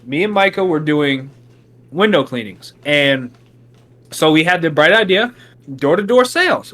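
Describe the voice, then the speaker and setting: A young man on a casual podcast, telling a long story and acting out the quotes with big jumps in his voice. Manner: animated, acts out quotes with big pitch jumps. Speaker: podcast co-host.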